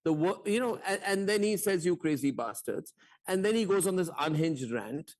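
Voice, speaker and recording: A man's voice: high-pitched, expressive, a little fast, darkish tone. A man anchoring a heated televised debate, combative and mocking, firing repeated rhetorical questions.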